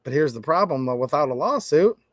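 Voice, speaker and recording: A man's voice: fairly high pitch, lively intonation, brisk, dry recording, studio quality. A man giving a sarcastic opinion monologue on gun laws, acting out both sides of imagined conversations. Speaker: gun rights commentator.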